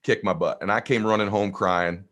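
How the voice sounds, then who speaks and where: A man telling a personal story in an energetic, conversational way as a podcast guest. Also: fairly low pitch, moderate pace. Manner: energetic, conversational, acts out voices. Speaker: guest speaker.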